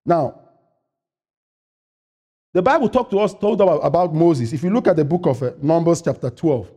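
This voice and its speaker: A pastor delivering a sermon in a high voice, moving between loud, soaring preaching and quiet asides. He keeps asking his listeners questions and then answers them himself.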